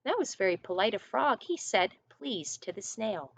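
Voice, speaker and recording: A woman teacher reading a picture book aloud to first graders in an online lesson, gently asking the children questions. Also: medium pitch, sing-song, normal speed.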